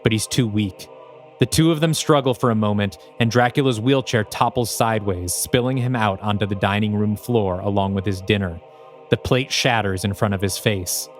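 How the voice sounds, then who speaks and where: A man co-hosting a podcast, reading aloud a screenplay he wrote in steady, descriptive narration. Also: lowish voice, normal speed, soft background music. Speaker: podcast co-host.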